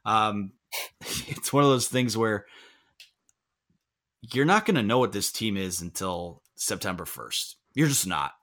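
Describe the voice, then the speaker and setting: A man's voice: on the low side, animated, measured pace, pauses often, fairly bright tone. A man hosting a casual sports podcast over a remote call, rambling and correcting himself with joking asides. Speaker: podcast host.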